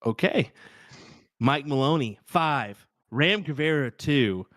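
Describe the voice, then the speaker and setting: Animated, bantering male darts commentator. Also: medium pitch, slow, no echo, clean studio sound. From Texas. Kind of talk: live sports commentary.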